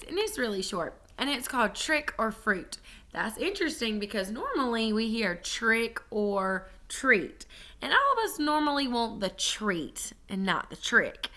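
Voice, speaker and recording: Woman reading a kids chapter book out loud, bright voice, expressive, trips on a word now and then. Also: a little high. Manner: expressive, with small slips and restarts. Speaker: reader. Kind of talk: reading a children's book aloud.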